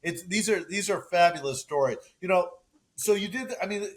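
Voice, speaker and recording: A man's voice: high voice, moderate pace. A man hosting a podcast, asking his guest questions with enthusiasm and many restarts. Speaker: podcast host. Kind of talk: casual interview chat.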